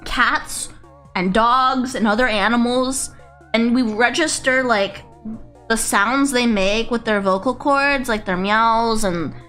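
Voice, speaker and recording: A woman VTuber chatting on a casual livestream, rambling, excitable and swearing freely. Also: a little high. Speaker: VTuber streamer.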